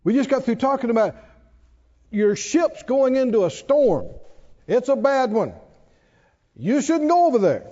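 A man preaching a sermon in a church, animated and playful, acting out worried voices and laughing along. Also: extremely high pitch, a little slow, pauses often. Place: church sanctuary. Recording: dull sound, long hall reverb.

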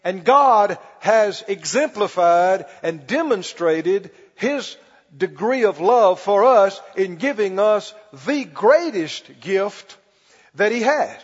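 High-voiced slow preaching pastor. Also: male voice, animated, husky. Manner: preaching with call-and-response, slow emphatic stretches. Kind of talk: sermon. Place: church. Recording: muffled recording in a reverberant church hall.

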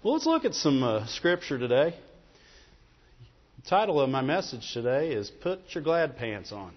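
Conversational pastor in a reverberant church. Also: male voice, mid-range voice, sing-song, moderate pace, a little hiss or hum. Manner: conversational, repeats "Amen?" and "Right?". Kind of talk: sermon. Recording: dull, with long hall reverb.

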